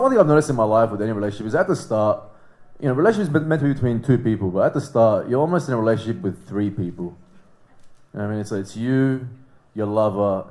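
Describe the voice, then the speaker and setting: A man's voice: lowish voice, a little mellow. A man from Iraq performing a stand-up comedy set on a club stage, laid-back and dropping into mumbled asides.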